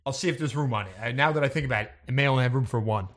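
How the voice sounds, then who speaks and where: In an improvised sci-fi role-play, a man plays the ship's captain on the bridge, delivering absurd lines deadpan and matter-of-fact. He speaks very fast at a medium pitch.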